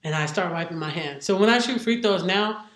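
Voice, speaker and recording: A woman's voice: lowish voice, a little fast, echoey room. A woman who is a football head coach, a guest telling stories in casual conversation and acting out what others said. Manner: animated, acts out what others said. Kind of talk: casual interview storytelling.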